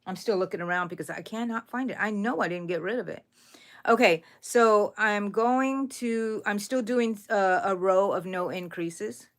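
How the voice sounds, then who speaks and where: A middle-aged woman hosting a live crochet stream, chatting with viewers and counting her stitches aloud softly. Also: mid-range voice, normal speed. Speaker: crochet channel host.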